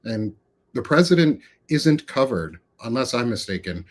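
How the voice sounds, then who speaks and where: A man's voice: medium pitch, sing-song, moderate pace. A man talking politics as a guest, blunt, emphatic and profane. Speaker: guest commentator. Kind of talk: casual political chat.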